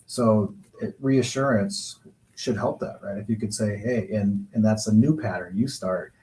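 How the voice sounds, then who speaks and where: A male counselor gives relationship advice in a measured, reflective way. His voice sits a little low, and he takes his time explaining each point. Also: warm tone, poor audio. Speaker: guest counselor and coach. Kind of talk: calm advice-giving talk.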